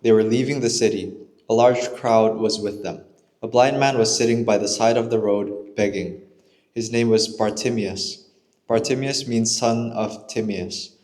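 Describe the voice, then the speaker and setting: A man giving a steady, measured Bible reading aloud in church. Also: on the low side. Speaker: scripture reader.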